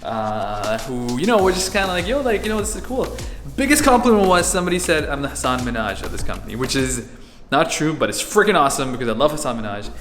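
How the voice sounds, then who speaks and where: A man doing virtual stand-up, telling stories animatedly with bursts of shouting and laughter. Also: medium pitch, sing-song, fast talker, roomy sound, faint music behind. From India. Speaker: stand-up comedian. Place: room, performing over a video call. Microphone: video call.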